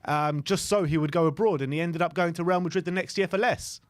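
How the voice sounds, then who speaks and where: A man's voice: fairly high pitch, fast talker. A man hosting a fan show, friendly and matter-of-fact. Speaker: host.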